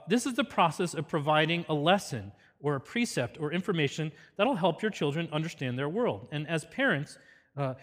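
A man's voice: high voice, a bit bright, in a large hall. A man giving an earnest, teacherly parenting seminar with a faith focus.

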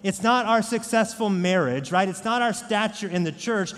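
A man's voice: high voice, moderate pace, a bit bright. Emphatic male pastor preaching in a hall. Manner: emphatic, rhetorical questions. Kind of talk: sermon. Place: church.

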